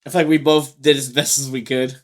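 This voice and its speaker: A man's voice: medium pitch, flat delivery, a little fast. A young man co-hosting a casual podcast while sick, joking and laughing through short anecdotes. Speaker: podcast co-host. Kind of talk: casual chat.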